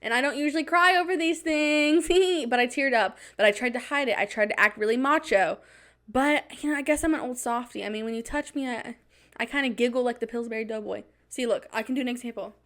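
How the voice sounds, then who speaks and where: A young woman hosting her own podcast, chatting fast from her home studio and acting out stories with dramatic flair. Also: fairly high pitch, a bit bright. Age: young adult. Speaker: podcast host. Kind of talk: casual solo chat.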